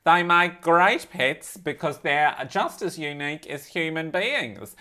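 A man's voice: fairly high pitch, slow pace, clear, resonant tone. A man co-hosting a casual podcast, reading a quirky news story aloud and breaking off to joke and laugh as he goes. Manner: animated, laughs while reading, breaks off to comment. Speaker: podcast co-host.

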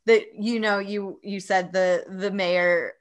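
A woman's voice: medium pitch, fairly even intonation, slow. A woman with an ordinary, mid-range voice hosts a casual interview. She is chatty and friendly, with small laughs and fillers.

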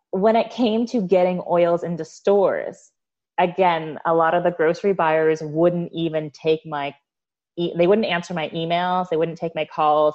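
An American woman telling stories as a podcast guest, animated and quick to laugh. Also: low-pitched, highs cut off. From United States. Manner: animated storyteller, laughs often. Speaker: guest, olive oil producer. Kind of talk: casual interview storytelling.

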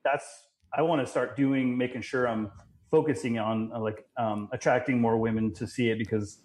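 A young man and father, a podcast guest, talking casually in halting sentences. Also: mid-range voice, fairly even intonation, darkish tone. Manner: halting, full of fillers and restarts.

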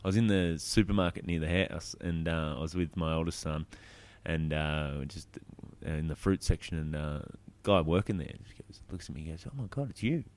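Aussie male comic, really low voice, easygoing yarn-telling. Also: moderate pace, hardly any pauses. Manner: relaxed anecdotal storytelling. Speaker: comedian. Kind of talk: casual chat.

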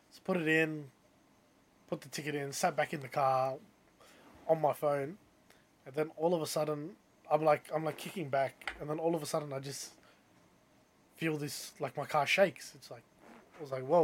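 A young man tells a story in a relaxed, chatty way. His voice sits a little high, and he grows loud and lively when he acts out what other people said. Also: moderate pace, long pauses. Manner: animated, rising loud when quoting others. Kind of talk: casual storytelling.

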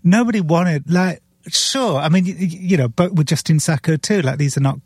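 A man with a mellow, husky voice retells a story in earnest as a podcast guest. The sound is dry and close, with no room echo. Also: on the high side, moderate pace. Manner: sipping beer while talking. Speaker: author guest. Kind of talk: podcast conversation.

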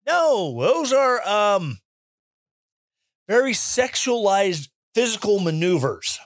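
A man giving opinion commentary in an animated, sarcastic rant, mimicking people he mocks. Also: high voice, takes it slowly, no room sound, studio quality. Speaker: commentary host.

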